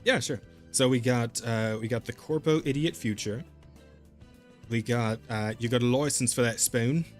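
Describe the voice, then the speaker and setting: A man's voice: mid-range voice, normal speed, faint music behind. A man hosting a podcast in casual chat, laid-back, laughing often and repeating words. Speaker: podcast host.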